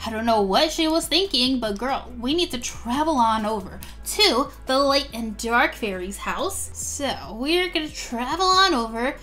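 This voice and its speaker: A woman narrating a life-sim game as a gaming video host, excitable and chatty. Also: high-pitched, measured pace, few pauses, faint music behind. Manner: excitable, gasps and laughs often. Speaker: gaming youtuber. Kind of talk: let's play commentary.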